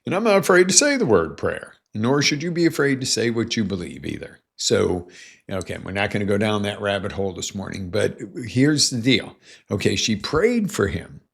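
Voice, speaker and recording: A man's voice: lowish voice, big pitch swings, moderate pace, creaky, breathy edge. A middle-aged man coaching on a live show from a small studio, telling a story and acting out both sides of the conversation. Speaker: motivational coach. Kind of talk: casual live-show monologue.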